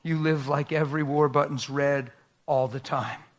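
A man's voice: on the high side, fairly even intonation, normal speed. A man preaching a sermon as a pastor, telling a story in a dramatic, folksy and emphatic way.

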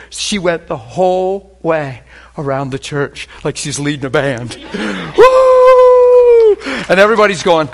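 A man preaching and telling healing stories, swinging between hushed and loud. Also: a little high. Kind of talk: sermon with healing testimony.

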